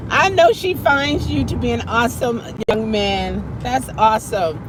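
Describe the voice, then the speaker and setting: A woman chatting casually on a live stream from her car, animated and quick to laugh, sometimes dropping to a whisper. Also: a little high, noisy background. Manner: animated, laughing often, drops to a whisper at times. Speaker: vlogger answering live chat.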